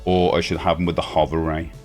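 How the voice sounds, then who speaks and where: A man in his forties talks through an unboxing in a relaxed, rambling way, restarting his sentences as excitement takes over. His voice sits very low. Faint music plays quietly behind him. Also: fast. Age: 40s. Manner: chatty, enthusiastic, rambling with restarts. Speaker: toy collector vlogger. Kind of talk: casual unboxing chat.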